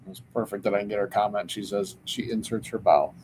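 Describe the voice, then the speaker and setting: A man hosting a casual livestream, briskly reading out viewer comments. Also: on the low side, steady tone, a little mellow, slight background noise, rough recording. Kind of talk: casual chat.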